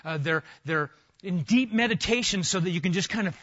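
A middle-aged man preaching an expository sermon, emphatic and animated, often restarting his phrases. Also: sits high, a little fast, muffled recording. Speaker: pastor.

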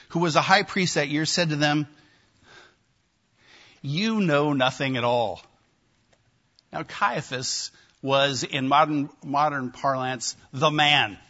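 A man preaching a sermon, emphatic and animated, with wry asides to his listeners. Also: medium pitch, lo-fi sound. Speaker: pastor.

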